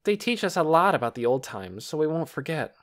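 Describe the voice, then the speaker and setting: A man's voice: a little high, big pitch swings, a little fast, voice pushed up. A man doing a smug know-it-all boy, Torin. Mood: lecturing. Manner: precise, teacherly, self-important. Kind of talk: audiobook character reading.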